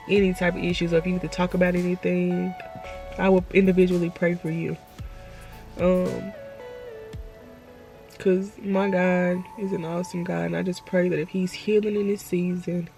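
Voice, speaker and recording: Young woman vlogger, mellow gravelly voice, drained and holding back tears, phone-recorded at home. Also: fairly low pitch, little pitch movement, faint music behind. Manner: earnest, slow and halting, addresses viewers as y'all. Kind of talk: emotional faith-filled vlog talk. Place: at home, bedroom. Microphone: phone camera.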